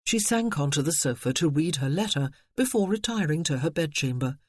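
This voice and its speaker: An audiobook narrator reads a period romance with expressive storytelling. The voice is mid-pitched and recorded dry and close, with no room sound. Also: a little fast, breathy edge, no echo. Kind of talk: scripted narration.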